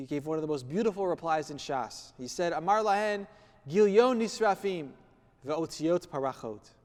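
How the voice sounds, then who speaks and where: A rabbi giving a sermon, telling a story with dramatic pauses and quoting Hebrew and Aramaic passages. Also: male voice, high voice, long reverb tail. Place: office.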